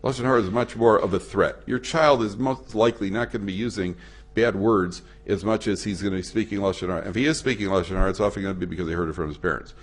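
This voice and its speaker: A man, a rabbi, giving a conversational talk to an audience, acting out the people in his stories and mixing Hebrew and Yiddish terms into his speech. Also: fast. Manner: storytelling, acts out quoted voices with big pitch swings. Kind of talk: lecture to an audience. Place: hall at a memorial event.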